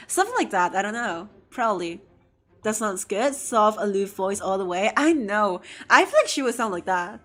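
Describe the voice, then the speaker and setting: A young woman streamer chatting casually while gaming, chatty and excitable, filling her talk with "like" and "I don't know". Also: a little high, moderate pace, faint music behind.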